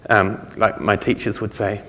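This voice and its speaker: Fairly low in pitch and flat in delivery, this New Zealander speaks at normal speed with a slightly bright tone. He presents at a conference in a loose, wandering way, with many fillers, restarts and chuckling asides, in a lecture hall with long reverb.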